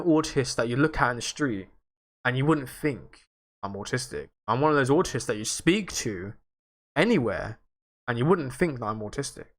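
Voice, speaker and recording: A young man hosts a casual livestream, talking loosely and swearing now and then. He rambles through viewer questions in a self-mocking way, at an ordinary male pitch. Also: fairly bright tone. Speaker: livestream host.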